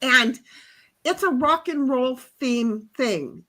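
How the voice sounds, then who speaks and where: Woman in her fifties, livestream host, casual stories, animated and blunt, high voice. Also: slow pace. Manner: animated, frank, swears, stumbles and restarts. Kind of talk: casual storytelling chat.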